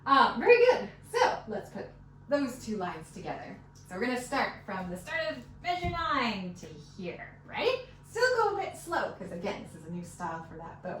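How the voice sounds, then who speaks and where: A woman giving a one-on-one fiddle lesson, patient and encouraging, counting beats out loud. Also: on the high side. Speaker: fiddle teacher. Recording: roomy, mic at a distance, fiddle playing.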